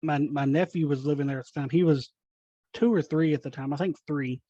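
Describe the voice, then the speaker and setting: Man telling animated ghost stories. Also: on the high side, a little fast, dry recording. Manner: animated, acts out quoted dialogue. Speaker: paranormal investigator guest. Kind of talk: casual storytelling. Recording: dull dry sound.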